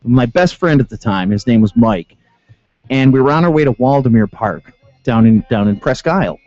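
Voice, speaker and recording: A man's voice: medium pitch, normal speed, no room sound, lo-fi sound, soft background music. A man with a Western New York accent hosting a casual radio talk show, telling stories with lots of laughter. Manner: animated storyteller, laughs often. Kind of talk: casual banter.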